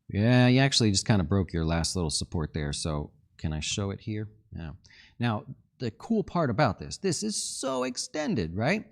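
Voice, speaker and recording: Talking over charts on his market livestream, this fund manager reads out viewer questions, cracks jokes and thinks aloud in a relaxed way. He has a fairly low, creaky voice.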